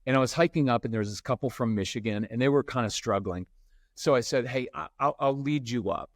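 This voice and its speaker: Animated male storyteller, dry sound. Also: medium pitch, fast talker, no room sound. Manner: animated storyteller who acts out quotes. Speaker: podcast guest, parenting expert. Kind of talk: conversational interview, storytelling.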